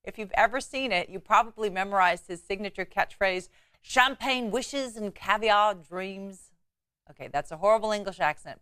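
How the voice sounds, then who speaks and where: Woman news anchor, lowish voice, brisk with casual asides, dry studio sound. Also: fairly bright tone, no echo. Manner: brisk, chatty asides between stories. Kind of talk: morning newscast reading.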